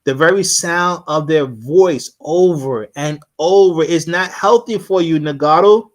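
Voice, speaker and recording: A man's voice: a little high, measured pace. A man giving a casual live-streamed lecture, rambling and repeating himself as he sounds out syllables.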